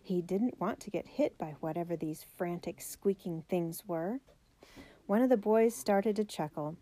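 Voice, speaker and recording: A woman narrating a children's biography storybook, reading the characters' lines with raised pitch and emphasis. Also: measured pace, mellow. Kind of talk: storybook read-aloud.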